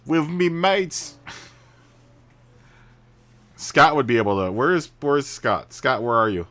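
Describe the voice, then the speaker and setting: A man's voice: mid-range voice, lively intonation, a little fast, bright, forceful tone. A man live streaming a racing game, chatting casually with viewers, laughing often and restarting his sentences. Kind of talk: casual chat while gaming. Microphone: studio mic through mixer.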